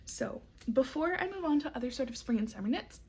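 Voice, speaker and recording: Chatty woman with a husky, gravelly voice. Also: high-pitched, animated, a little fast, a little mellow. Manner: chatty, upbeat, frequent ums and small laughs. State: has the hiccups. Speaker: knitting vlogger. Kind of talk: casual chat.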